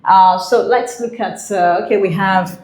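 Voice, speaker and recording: A woman's voice: medium pitch, unhurried, a little mellow, echoey room, a little hiss or hum. A woman teaching an exam prep English lesson, explaining patiently with many fillers and repeats.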